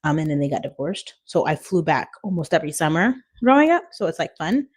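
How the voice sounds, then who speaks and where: This Washington State woman in her thirties runs a casual live stream from her phone at home, reading viewer comments aloud and laughing a lot. Her husky, deep voice swings widely in pitch at a slightly quick pace.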